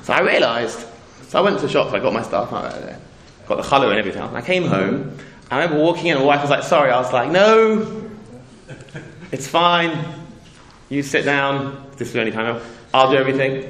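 A fast-talking, animated middle-aged man from England, his mid-range voice fairly bright, recounts a casual tale with a moral to a community gathering. He rambles and stops himself short, acting out quoted voices, and the space has a roomy echo.

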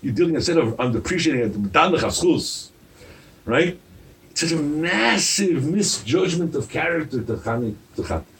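A man preaching a sermon as a rabbi, animated and firing rhetorical questions at his listeners. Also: fairly high pitch, moderate pace, recorded from a distance.

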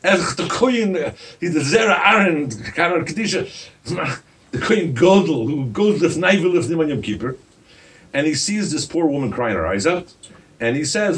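Animated male preacher, distant mic. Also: on the high side, moderate pace. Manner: animated, rhetorical questions to the crowd. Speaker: rabbi. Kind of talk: sermon.

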